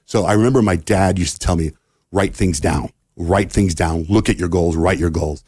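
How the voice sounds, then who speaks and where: Deep husky-voiced man telling a story. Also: moderate pace, no room sound. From United States. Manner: animated storyteller acting out quoted dialogue. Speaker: radio host guest. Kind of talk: casual storytelling in a podcast interview.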